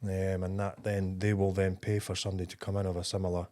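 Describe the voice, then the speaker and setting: A man with a fairly low voice co-hosts a casual business podcast. He works through each point patiently, filling the gaps with "you know" and "um." His delivery stays relaxed and conversational. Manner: explains in a measured way with many fillers. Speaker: podcast co-host.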